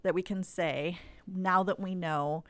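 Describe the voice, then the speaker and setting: A woman hosting a casual podcast chat, lively and leading the talk. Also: fairly low pitch, a little slow, no room sound. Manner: lively, laughs often, leads the talk. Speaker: podcast host.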